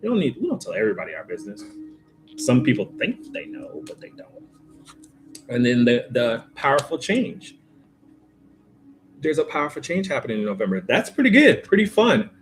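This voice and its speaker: A man's voice: mid-range voice, big pitch swings, normal speed, pauses often, faint music behind. A man giving a casual, informal tarot reading to his viewers, chatty and full of slangy asides. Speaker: tarot reader.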